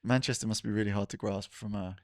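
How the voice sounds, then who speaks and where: A man in his thirties rattles through casual podcast chat, teasing his friends. His voice runs a bit low and quick. It is recorded close and dry. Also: steady tone, a little mellow, dry recording. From south of England. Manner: quick, teasing, laughs often. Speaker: podcast co-host.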